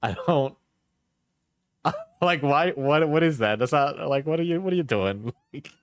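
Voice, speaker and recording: A man's voice: fairly high pitch, animated, measured pace, clean tone, dry recording, clean studio sound. A man streaming live, casually rambling through his thoughts with restarts and trailing asides.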